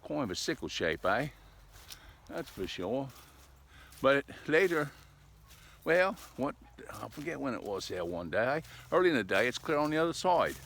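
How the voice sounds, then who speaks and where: A man's voice: mid-range voice, sing-song, normal speed, gravelly, long pauses, a bit bright. An older man chatting casually outdoors in cold weather in a rambling, folksy way, talking to his camera. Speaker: vlogger. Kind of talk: casual outdoor vlog chat. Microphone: camera set up outdoors.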